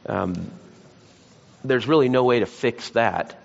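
A man's voice: mid-range voice, slow, vocal fry. A man preaching a sermon, mixing scripture with folksy, self-deprecating stories. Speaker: pastor. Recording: lo-fi church hall recording.

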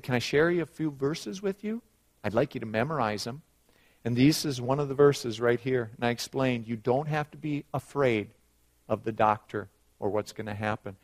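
A middle-aged man preaching a sermon, rising loud on scripture and dropping quiet for personal stories. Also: mid-range voice. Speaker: pastor.

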